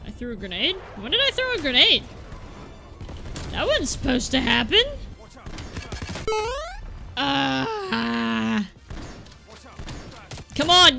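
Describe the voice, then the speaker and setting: A young woman giving excitable live gameplay commentary from a room at home, exclaiming and repeating words in bursts. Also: high-pitched, vocal fry. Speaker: gaming YouTuber.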